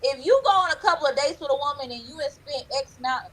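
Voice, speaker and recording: A woman's voice: sits high, expressive, fast, low-quality recording. A middle-aged woman, a podcast co-host talking bluntly and with animation in casual chat.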